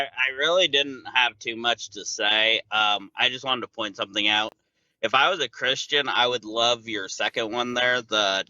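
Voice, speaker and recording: A man's voice: mid-range voice, bright, forceful tone, dry recording, dull audio. A man calling in to a live stream, talking in a hesitant, earnest way. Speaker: caller. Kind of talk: casual chat.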